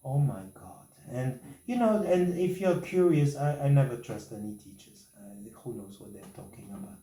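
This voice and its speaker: A man coaches a pianist in a masterclass, speaking English with non-native phrasing and singing short rhythms to make his points. His voice is dark and mellow. It is picked up from a distance, in a room with audible echo. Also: medium pitch, expressive, moderate pace. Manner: sings and scats rhythms to demonstrate. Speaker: piano teacher. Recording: roomy, from a distance.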